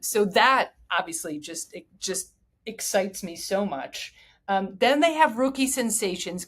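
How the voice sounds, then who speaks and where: An excited woman in middle age hosts a sports podcast on her own. She talks eagerly and goes off on heartfelt tangents, her voice pitched right in the middle. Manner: enthusiastic, digressive, emotional. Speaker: podcast host. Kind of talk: solo sports podcast talk.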